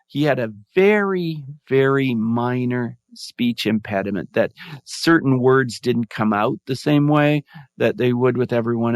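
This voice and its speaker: A middle-aged man, a podcast guest and mindfulness advocate, tells a personal story earnestly and reflectively during an interview, acting out the voices he quotes. His medium-pitched voice comes through clean studio sound with no room sound.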